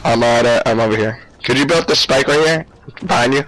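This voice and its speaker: A young man giving frantic live gameplay commentary, swearing and yelling at the game. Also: medium pitch, fairly quick, no echo, low-quality recording. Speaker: gamer.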